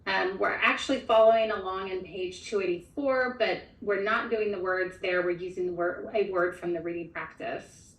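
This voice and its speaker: A woman's voice: mid-range voice, normal speed, hardly any pauses, distant mic. A woman trainer modeling a phonics lesson, explaining each step methodically. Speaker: literacy trainer. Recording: echoey room from off-mic.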